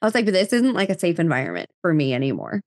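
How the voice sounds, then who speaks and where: A woman's voice: fairly low pitch, big pitch swings, rapid-fire, a little mellow, no room sound, clean studio sound. A woman in her thirties from New Jersey, a podcast guest telling her story in casual chat full of fillers and quoted dialogue.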